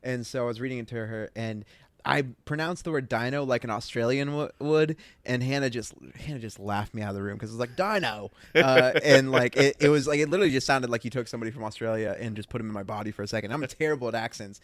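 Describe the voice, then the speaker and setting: A man's voice: medium pitch, fast, dry recording. A man on a faith podcast who tells stories with animation and keeps murmuring agreement while the other host talks. His voice sits in the middle of the male range. The sound is close and dry. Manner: animated storyteller with short affirming murmurs. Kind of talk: casual Bible discussion.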